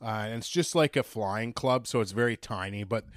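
A man's voice: mid-range voice, brisk, no room sound, clean studio sound. A young man from Canada co-hosting a podcast, laid-back and rambling, swearing often in casual banter. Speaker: podcast co-host.

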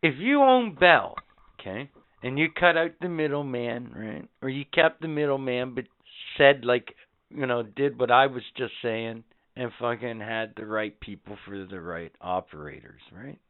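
A man's voice: medium pitch, lively intonation, normal speed, clean tone. A man co-hosting a podcast, boisterous and profane, laughing often and ranting in casual banter. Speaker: podcast co-host. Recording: tinny lo-fi recording.

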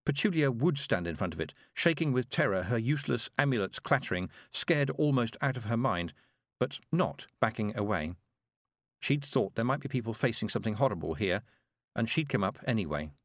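A man reading a fantasy novel aloud with a lively, expressive lilt that rises and falls. His voice sits at a middle pitch. The recording is dry and close, with no room sound. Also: brisk, no room sound. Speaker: audiobook narrator. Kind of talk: scripted narration.

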